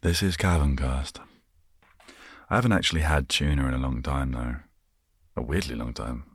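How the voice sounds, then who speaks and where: With a rumbling, husky low voice, this English podcaster in his twenties chats casually on his own, speaking steadily at a moderate pace. He muses and wanders off on tangents that amuse him, and the studio sound is clean with no room tone.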